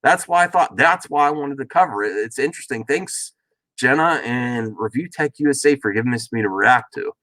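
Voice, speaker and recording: A man's voice: medium pitch, lively intonation, brisk, sharp tone, no room sound. A man hosting a reaction video, talking in a casual, rambling way with frequent restarts and asides. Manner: rambling, self-interrupting, chuckling asides. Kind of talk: casual commentary. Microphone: worn face mask while talking.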